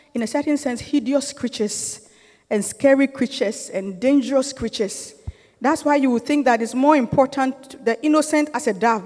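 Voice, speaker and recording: A middle-aged woman with a fairly high voice leads a church group in an informal sermon-style teaching. She talks conversationally, often checking that her listeners follow, and presses her points with growing urgency. Her voice rings out with the long reverb of a large hall. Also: a little mellow. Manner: grows emphatic and urging.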